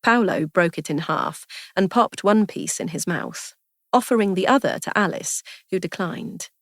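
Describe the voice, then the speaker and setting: A woman narrating a story aloud in an even, measured storytelling manner. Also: mid-range voice, no echo, clean studio sound. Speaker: audiobook narrator.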